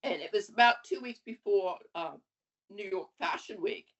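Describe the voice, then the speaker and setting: A woman in her seventies, a guest on an interview podcast, telling her story in a lively, animated way. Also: mid-range voice, normal speed. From USA. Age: 70s. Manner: lively, animated storytelling with laughs and acted quotes. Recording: dull lo-fi audio.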